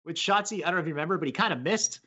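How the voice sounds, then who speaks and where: A man hosting a casual interview, chiming in often with quick agreement. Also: fairly high pitch, bright, forceful tone, slightly rough. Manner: quick back-channel "right, right". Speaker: podcast host.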